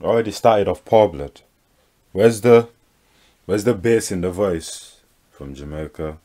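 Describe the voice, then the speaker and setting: A man's voice: deep voice, measured pace, mellow. A young man giving a teasing, slang-heavy running commentary on a clip for his reaction video. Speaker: YouTube reactor.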